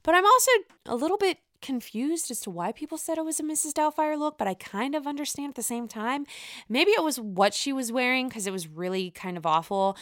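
A woman's voice: high voice, expressive, fairly quick, a bit bright, dry recording, studio quality. A woman giving casual solo commentary as a reality TV fan, chatty, gushing and freely swearing.

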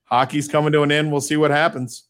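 A man's voice: fairly high pitch, little pitch movement, fast talker, fairly bright tone. A man co-hosting a casual sports podcast, posing questions in a conversational way. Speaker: podcast co-host.

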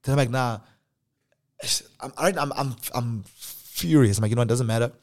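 A young man with a South African accent telling a personal story in a casual, animated way, acting out the other people's lines. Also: mid-range voice, normal speed. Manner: animated, acts out dialogue in different voices. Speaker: podcast host.

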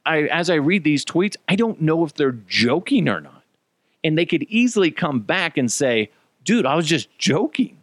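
A man hosting a podcast in casual opinion talk, animated and profane, drifting between tangents. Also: a little high, normal speed, no echo, studio quality. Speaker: podcast host.

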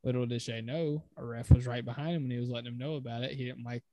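A man in a relaxed podcast chat about basketball, speaking at an ordinary middle pitch. His voice is recorded close and dry, with no room sound around it. He keeps the conversation moving and rattles off statistics easily. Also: fast talker, no room sound, highs cut off. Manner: conversational, steers the talk, recites stats. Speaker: podcast co-host. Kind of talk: casual sports chat.

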